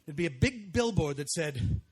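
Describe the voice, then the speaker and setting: A man emceeing a live show on an outdoor festival stage, energetic and joking with the crowd. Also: on the high side, moderate pace, slightly rough. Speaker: master of ceremonies.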